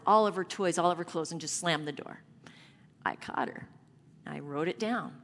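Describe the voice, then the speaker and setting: Female preacher, middle-aged, earnest conversational storytelling; mid pitch, reverberant sanctuary. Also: fairly bright tone. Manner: earnest, conversational anecdote building to emotion. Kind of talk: sermon storytelling. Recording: long hall reverb.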